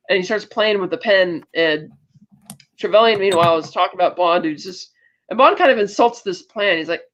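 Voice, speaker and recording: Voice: mid-range voice, fairly bright tone. Chatty podcast host on lo-fi audio. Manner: chatty, loose retelling with quick asides. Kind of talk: casual film recap. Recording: dull lo-fi audio.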